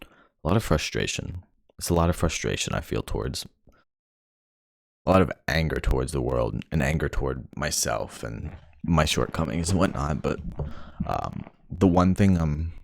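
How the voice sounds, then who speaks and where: Young man, very low gravelly voice, frustrated profane rant, dry close sound. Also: no room sound. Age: young adult. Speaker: vlogger. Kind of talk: ranting monologue.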